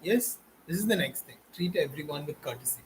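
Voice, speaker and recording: High-voiced Indian man preaching earnestly. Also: expressive, brisk, slight background noise, low-quality recording. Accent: Indian English. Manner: preachy, exhorting, repetitive. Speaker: online educator. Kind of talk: impassioned direct-to-camera talk.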